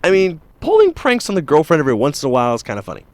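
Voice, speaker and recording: A man hosts a morning show, telling odd news stories with a rambling, jokey delivery full of fillers. His voice sits a bit high for a man. The sound is dry and close. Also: huge pitch swings, racing, no room sound. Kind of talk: casual radio-style chat.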